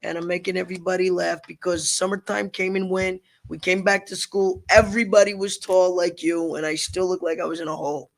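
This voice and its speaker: High gravelly joking middle-aged man. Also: brisk, hardly any pauses. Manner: joking, animated, profane. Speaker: comedian guest. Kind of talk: storytelling in a casual interview. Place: studio. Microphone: large studio microphone.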